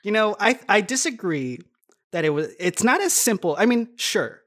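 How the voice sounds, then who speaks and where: A woman co-hosting a casual podcast chat, animated and laughing often as a self-described nerd. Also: medium pitch, normal speed. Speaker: podcast co-host.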